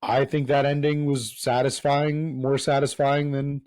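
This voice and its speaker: As a podcast co-host in a casual show, this man rambles and halts while he explains, frequently starting sentences over. He has a mid-range, level, slightly mellow voice, with no room sound.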